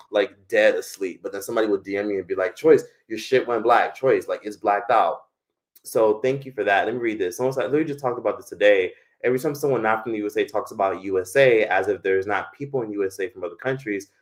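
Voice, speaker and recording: A young American man hosting a live stream, talking casually in a rambling, profane way with lots of fillers. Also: on the low side. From United States.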